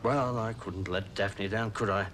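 A man's voice: fairly low pitch, unhurried, noisy background, close to an everyday voice. An actor playing a fussy, hesitant older man in a 1980s soap opera.

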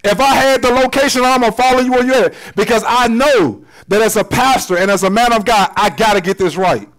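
A man pastor preaching a sermon in a church, casual and slangy, swinging between loud emphasis and quiet, intimate asides. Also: very high voice, a little fast, poor audio. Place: church sanctuary.

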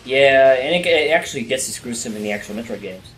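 A man playing a video game with a friend, excitable and joking crudely. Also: medium pitch, fast talker. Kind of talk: casual gaming chat. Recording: roomy with game music behind.

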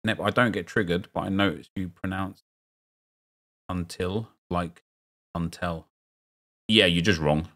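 A man's voice: deep voice, fairly quick, few pauses, fairly bright tone. A man with a South London accent giving casual, rambling commentary while opening packs in a football video game, joking with his chat. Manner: chatty, rambling, jokey asides to chat. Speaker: streamer.

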